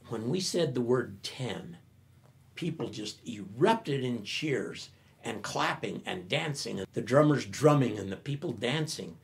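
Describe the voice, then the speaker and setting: Older male speaker, gravelly, animated storyteller at a talk. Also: mid-range voice, a little slow. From United States. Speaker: professor giving a talk.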